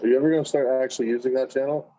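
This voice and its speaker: Mellow man on dull lo-fi audio. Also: mid-range voice, fairly even intonation, racing. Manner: laughing, profane banter. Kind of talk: casual chat.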